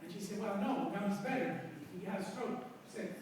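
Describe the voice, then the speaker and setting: A man with a Spanish accent, a chiropractor, telling an animated story to an audience in a large hall, with sudden loud bursts. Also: high voice, fairly quick, few pauses, slight background noise. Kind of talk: storytelling talk to a live audience. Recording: echoey hall recorded from far off.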